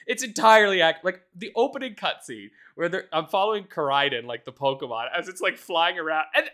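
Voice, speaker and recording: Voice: mid-range voice, expressive, fairly quick, a bit bright. A podcast co-host in casual chat, ranting with heavy profanity and laughing often while talking.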